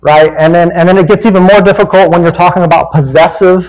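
A pastor with a Southern American accent preaches a folksy, conversational sermon, often tagging his points with "right?". His voice sits somewhat high for a man, and it rings with the long reverb of a large sanctuary. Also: fairly even intonation, quick pace, a little mellow.

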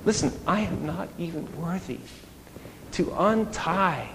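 Preacher acting out a flustered prophet, stammering, higher-voiced, in a reverberant hall. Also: male voice, animated, unhurried, gravelly, fairly bright tone, heavily acted. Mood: protesting. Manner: stammering, exclaiming. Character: flustered humble male prophet protesting. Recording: echoey hall, faint noise.

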